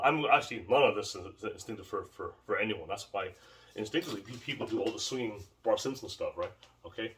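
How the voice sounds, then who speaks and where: A man's voice: lowish voice, fairly bright tone, far from the mic. A man teaching martial arts drills in a casual, rambling way, often repeating words as he demonstrates. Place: home training space.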